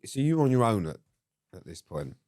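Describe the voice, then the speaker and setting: A man co-hosting a podcast in casual chat, teasing his co-host with dry, quick comebacks. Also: medium pitch, sing-song, dark tone.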